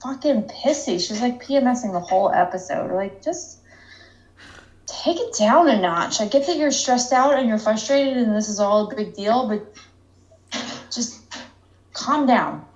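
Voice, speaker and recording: A woman's voice: a little high, expressive, a little slow, lo-fi sound. A woman co-hosting a podcast, retelling an episode bluntly and with plenty of swearing. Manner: blunt, profane, exasperated retelling. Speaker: podcast co-host. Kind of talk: casual recap chat. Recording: roomy echo.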